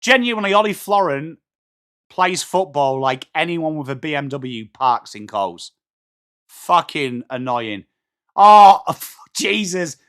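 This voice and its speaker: An English man, from England, streams a football watchalong and reacts live, blunt and excitable, swearing and greeting his chat by name. His voice sits on the high side, and he speaks in an unhurried, smooth way.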